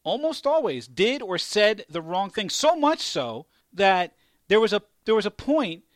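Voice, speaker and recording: A man hosting a casual chat, rambling and animated, swearing and laughing often. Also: high-pitched, a little slow, no echo, studio quality.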